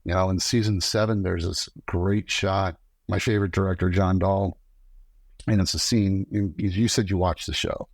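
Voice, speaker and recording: Middle-aged guy with a low gravelly voice, storytelling, dry sound. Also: moderate pace, dry recording. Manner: animated storyteller acting out quoted dialogue. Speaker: podcast guest, former camera operator. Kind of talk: casual storytelling interview.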